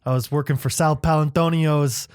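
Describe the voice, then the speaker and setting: Laughing, animated young man, dry mic. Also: a little high, moderate pace, clear, resonant tone, no echo. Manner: animated storyteller, laughs often. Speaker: podcast co-host. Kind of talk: casual chat.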